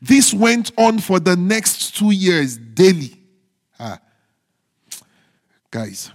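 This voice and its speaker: Heard through long hall reverb, a very animated male pastor preaches, drawing out key phrases slowly. Now and then he drops to quiet, low-voiced teasing remarks aimed at his congregation.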